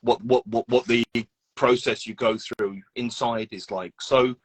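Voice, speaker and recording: A man's voice: mid-range voice, steady tone, a little slow, slightly rough. A man hosting a live video interview, listening attentively, agreeing often and restarting his questions. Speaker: host. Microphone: phone on a live video call.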